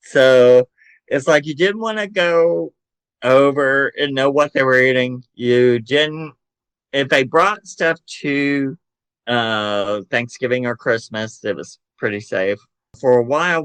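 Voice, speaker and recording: An older man with a Southern American accent, telling animated family stories as a podcast guest and acting out voices. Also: medium pitch, clean tone, no echo. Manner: animated storyteller who acts out relatives' voices. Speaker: podcast guest, psychic medium and author. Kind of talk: casual storytelling interview.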